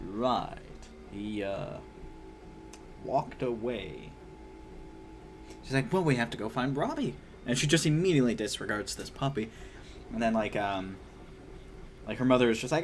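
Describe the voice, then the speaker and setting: A man's voice: medium pitch, lively intonation, normal speed, slight background noise. A young man giving a casual spoken book review, chatty with lots of fillers, sometimes acting out characters in a raised voice.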